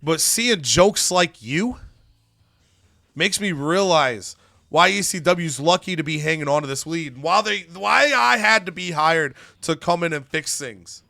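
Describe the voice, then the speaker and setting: A man's voice: a little high, lively intonation, unhurried, creaky, sharp tone, no echo, studio quality, exaggerated voice. A man voicing a cocky, arrogant male pro wrestler delivering taunting trash talk in a game story. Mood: smug.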